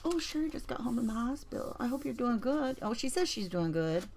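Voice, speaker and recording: A woman's voice: fairly high pitch, very animated, a little fast, darkish tone, a little hiss or hum. A woman chatting on a craft livestream as she works, telling stories and greeting viewers by name. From Colorado. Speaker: junk journal crafter on a livestream. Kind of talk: casual craft livestream chat.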